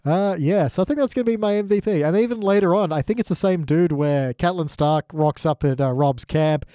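A man talks through a TV episode in a loose, joking way, swearing and jumping into quick voices for the scenes. His voice sits a little high. The sound is dry and close to the mic. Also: mellow, dry recording. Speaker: podcast co-host. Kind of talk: casual chat reviewing a TV episode.

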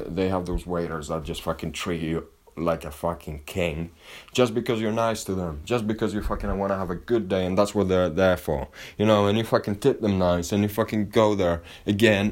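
A man telling a rambling story in a casual monologue, swearing constantly and restarting his sentences. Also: sits low. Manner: rambling and heavily profane, with frequent restarts.

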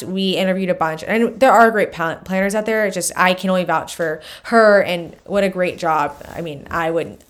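Young woman on a podcast chatting, stops and ums a lot, low-ish voice. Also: clear, resonant tone. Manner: halting, frequent "um" pauses. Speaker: podcast co-host. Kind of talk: casual chat.

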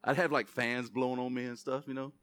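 A young man preaching a sermon as pastor, swinging between loud, emphatic preaching and self-mocking jokes. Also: medium pitch, little pitch movement, fast, smooth, dry recording.

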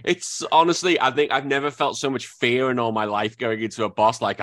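A man hosting a casual podcast chat, talking animatedly and breaking into high-pitched impressions. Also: fairly even intonation, a little fast, a bit bright, dry recording, studio quality. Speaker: podcast host.

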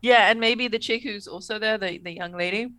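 A woman's voice: on the high side, a little fast, sharp tone, no echo. A woman co-hosting a podcast, chatting in a bubbly, giggly, rambling way. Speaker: podcast co-host. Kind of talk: casual chat.

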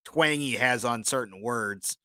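A man's voice: mid-range voice, a little slow, pushed and bright, no room sound. A man co-hosting a podcast, telling rambling stories in casual chat and often apologizing for his own jokes. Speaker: podcast co-host.

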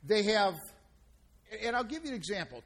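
A man's voice: high-pitched, sing-song, normal speed, fairly bright tone. A man, hosting a casual radio food show and telling folksy stories with playful banter.

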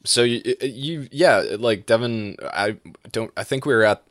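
A man's voice: medium pitch, unhurried, a bit bright, dry recording, clean studio sound. A man chatting casually as a podcast host, rambling with lots of restarts and laughs. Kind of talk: casual chat.

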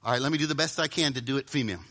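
A middle-aged man preaching a sermon to a live audience, dramatic, often dropping to a hushed voice for emphasis and acting out inner voices. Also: mid-range voice, very fast.

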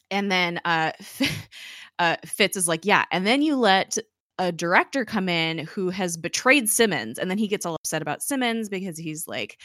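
Chatty young woman recapping, bright dry voice. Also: lowish voice, no echo. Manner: chatty, peppers speech with "like", paraphrases characters' lines. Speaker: podcast host recapping a TV episode. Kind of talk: casual chat.

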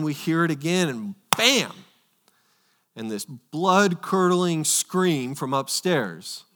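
Male pastor, a little higher than most, earnest sermon storyteller who restarts his words. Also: a bit bright. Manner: earnest, storytelling with swings in volume.

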